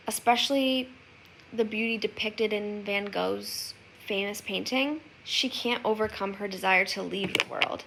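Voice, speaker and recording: A woman's voice: medium pitch, unhurried, vocal fry, fairly bright tone, slight background noise, low-quality recording. A young woman giving an earnest class oral presentation as a student, reading a poem aloud and reflecting on it. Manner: earnest, reflective, with occasional fillers.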